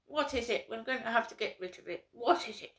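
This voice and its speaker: A woman's voice: a little high, a little fast, fairly bright tone, close to an everyday voice. A woman putting on the voice of a snooty, posh older woman who drawls and squeals in disgust. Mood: sneering disgust.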